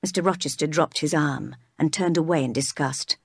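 Woman narrator, storybook read-aloud, lowish voice, dry close sound. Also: moderate pace, gravelly, husky, no echo.

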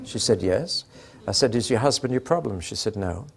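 A man's voice: fairly low pitch, expressive, normal speed, vocal fry, slight background noise. An older man preaching a sermon, telling anecdotes with dry humour and acting out the dialogue.

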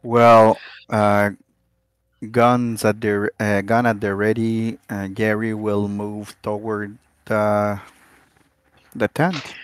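A man's voice: on the low side, level tone, slow, smooth, no echo. A man playing a tabletop game, making dry, wry remarks. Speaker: player.

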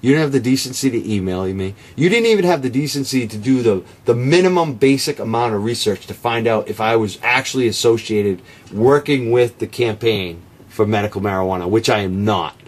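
A man's voice: medium pitch, expressive, fairly quick, few pauses. A man delivering a combative, sarcastic rebuttal straight to camera, calling out his opponent by name. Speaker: marijuana reform activist. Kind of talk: direct-to-camera rebuttal rant.

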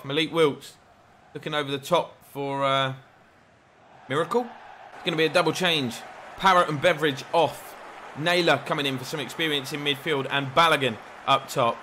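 A young man giving excitable, jokey commentary over his own football video game as a gaming YouTuber. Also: mid-range voice, a little hiss or hum. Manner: excitable, mock match commentary with jokey asides.

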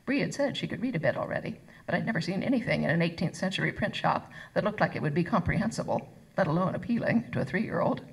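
Gravelly woman reading her novel aloud. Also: lowish voice, fast, poor audio. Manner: expressive, voices the characters. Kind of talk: live first-person book reading. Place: arts center reading event.

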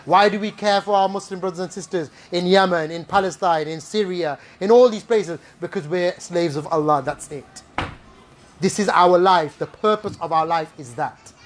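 A male preacher addresses a gathered audience. His delivery is animated and playful, and he keeps the room with rhetorical questions and quick asides. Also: sits high, a little hiss or hum. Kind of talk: Islamic talk to a live audience.

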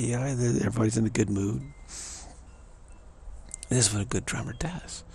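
A man's voice: medium pitch, normal speed, vocal fry, pauses often, darkish tone, breathy edge. A man talking in a loose, rambling monologue to an audience, repeating himself and breaking into scat-like asides. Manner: loose, repetitive, drum-like scatting and asides. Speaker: speaker addressing an audience.

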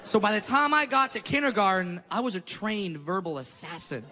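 A man's voice: high voice, expressive, moderate pace, pushed and bright, some chatter behind. A male stand-up comedian telling self-deprecating, punchy stories from a club stage. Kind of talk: stand-up set. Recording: reverberant hall with faint noise.

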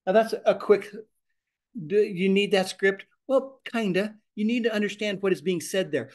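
A man with a fairly high voice teaches a ministry class. He talks in an animated, expressive way and speaks the sample prayers aloud as he goes. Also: moderate pace.

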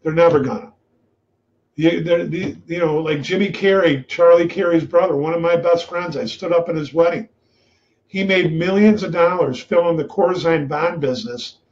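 A man with a fairly high voice tells blunt, profane stories in a loose, animated way. His voice is captured in dull, lo-fi webinar audio. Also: normal speed. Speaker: webinar host, trader. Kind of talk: casual storytelling.

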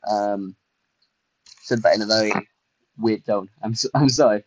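Chatting at a normal pace over his livestream, a low-voiced young man narrates his gameplay with self-mocking excitement and plenty of filler words. Groans, minor boasts and banter with his viewers all trade places. The audio sounds like a close home microphone: dry and a touch muffled.

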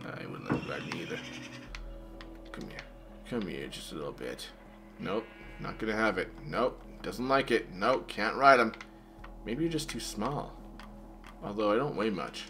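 Lets-play man, lower pitch, bright tone, very lively, unhurried delivery. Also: creaky, faint music behind. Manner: playful, chatty, talks to the animals. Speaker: gamer. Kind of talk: let's play commentary.

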